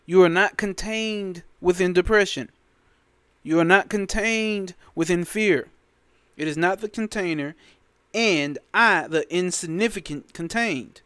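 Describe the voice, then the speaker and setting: Brief: male spiritual teacher, slightly high voice, dry close sound, emphatic and profane, casual commentary on scripture. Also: measured pace, fairly bright tone, smooth, no echo. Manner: emphatic, repetitive, sprinkled with profanity.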